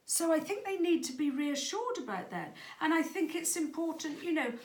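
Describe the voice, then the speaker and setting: A middle-aged parenting coach speaks to parents in an echoey room, earnest and conversational, now and then tripping over her words. Her voice is high-pitched and expressive, at a normal speed.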